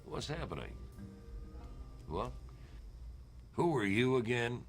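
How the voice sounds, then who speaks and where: A Scottish man voicing a slow, dim-witted wasteland man who is easily duped, during a gameplay stream. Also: medium pitch, big pitch swings, music in the background. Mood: dopey, confused. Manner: slow, dopey, bewildered.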